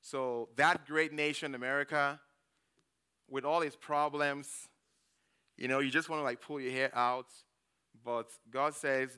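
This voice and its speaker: Bright-voiced man preaching a conversational sermon. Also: mid-range voice, steady tone, a little slow, clean tone. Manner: storytelling, frequent "okay?" checks with the congregation; acts out his own quoted reactions. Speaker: church elder preaching.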